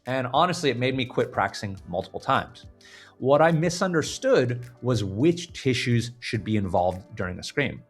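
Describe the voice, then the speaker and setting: A man teaching a scream-technique lesson, explaining clearly and stopping now and then to demonstrate screams. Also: mid-range voice, animated, normal speed, soft background music. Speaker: vocal coach. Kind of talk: instructional video lesson.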